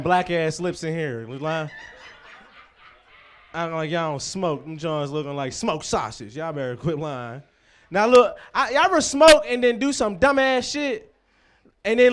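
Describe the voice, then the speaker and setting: A man's voice: high voice, fairly bright tone. A man hosting a comedy show, telling profane stand-up stories and bantering with the crowd.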